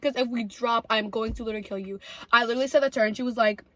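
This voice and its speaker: Chatty young woman vlogger, bright voice. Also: sits high, rapid-fire, no echo. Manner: chatty, animated, many "like"s and "literally"s. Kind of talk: casual storytelling while eating.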